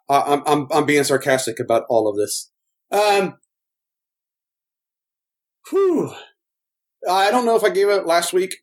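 A man co-hosting a podcast in casual chat, rambling and excitable, laughing often. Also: mid-range voice. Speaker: podcast co-host.

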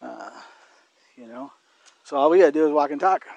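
A man co-hosting a casual conversational podcast, talking in a thoughtful, halting way and often restarting his phrases. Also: a little high, huge pitch swings, a little mellow, dry recording, lo-fi sound. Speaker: podcast co-host.

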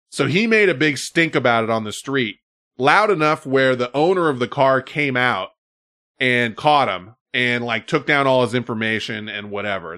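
A male podcast host telling stories in casual chat and acting out quotes with animation. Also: medium pitch. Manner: animated storytelling, acts out quotes.

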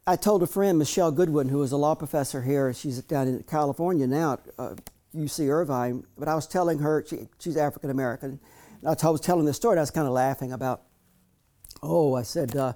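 A man in his fifties tells personal stories to a room. His voice is warm and mellow, and he talks in a folksy, frank manner, often restarting his sentences. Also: on the high side, quick pace. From Southern US. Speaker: speaker reading from his memoir. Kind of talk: storytelling talk.

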